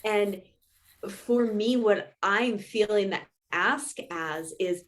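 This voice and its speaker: A woman joins as the guest in a casual spiritual conversation. She speaks earnestly and in halting bursts, often repeating words as she gathers her thoughts. Her voice sits in an ordinary middle range. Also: medium pitch.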